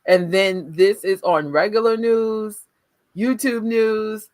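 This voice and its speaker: A woman co-hosting a live watch party, reacting in an animated casual way. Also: mid-range voice, slow. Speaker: livestream co-host.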